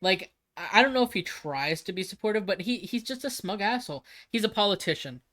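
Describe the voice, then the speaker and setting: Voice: medium pitch, expressive, fairly quick, fairly bright tone. Rambling, swearing livestreamer in casual chat. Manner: rambling and emphatic, frequent restarts and swearing.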